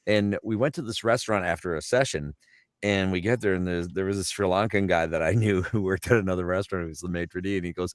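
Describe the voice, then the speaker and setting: Deep-voiced Canadian voice actor. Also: male voice, fast, no echo, studio quality. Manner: rambling, anecdotal, name-dropping with frequent fillers. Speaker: voice actor guest. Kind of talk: casual interview chat.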